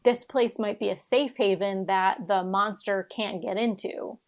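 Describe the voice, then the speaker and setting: A woman's voice: mid-range voice, fairly even intonation, a little slow. A woman co-hosting a podcast, chatting casually about TV in a blunt, emphatic way and swearing freely. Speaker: podcast co-host.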